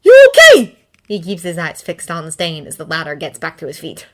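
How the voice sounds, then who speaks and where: A woman narrating a fanfiction story in an expressive, dramatic reading. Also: low voice, a little fast. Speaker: fanfiction reader. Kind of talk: audiobook narration.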